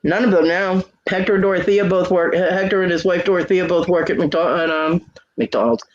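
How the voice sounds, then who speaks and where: A man's voice: sits high, brisk, a little hiss or hum. A man hosting a casual livestream chat, venting in a profane, aggrieved way. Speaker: livestream host. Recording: dull lo-fi stream audio.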